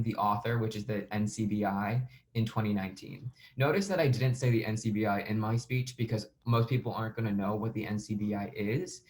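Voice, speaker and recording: A man coaching students through a sample speech, explaining things in a relaxed, conversational way with frequent filler words. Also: lowish voice. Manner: relaxed, conversational, uses "like" and "um" often. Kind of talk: instructional walkthrough of a sample speech.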